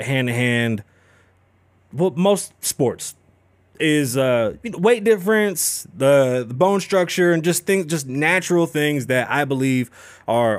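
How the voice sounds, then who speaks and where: A man's voice: medium pitch, no echo. A man hosting a podcast, ranting casually and profanely with lots of swearing. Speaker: podcast host. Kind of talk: casual chat.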